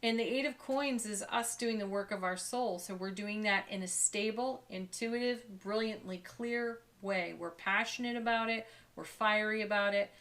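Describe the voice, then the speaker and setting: A woman giving a daily tarot card reading, speaking softly and warmly with gentle enthusiasm and frequent light laughs. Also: medium pitch, moderate pace, hardly any pauses. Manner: soft, spiritual, gently enthusiastic, laughs often.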